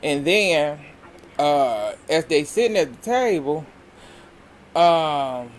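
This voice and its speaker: A man's voice: a little high, sing-song, slow, a little hiss or hum. A man giving a casual episode recap as a reality TV reviewer, rambling along with many hesitations and restarts.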